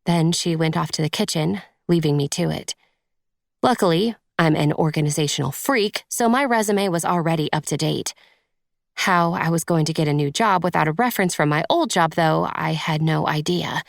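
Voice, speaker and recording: A woman narrating a first-person romance audiobook in a measured, intimate storytelling manner. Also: sits low, vocal fry, no echo, clean studio sound.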